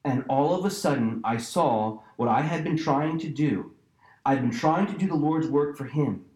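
A man pastor delivers an emphatic sermon in a fairly high voice, circling back to his key phrases and throwing in casual asides to the congregation. The sound carries a roomy echo around him. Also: normal speed, a little mellow.

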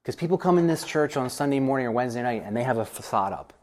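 Middle-aged male pastor, mid-range voice, lively informal teaching in a church, self-deprecating, slips into acted voices. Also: mid-range voice, quick pace. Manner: animated, self-deprecating, acts out quoted voices. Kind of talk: informal Bible study teaching.

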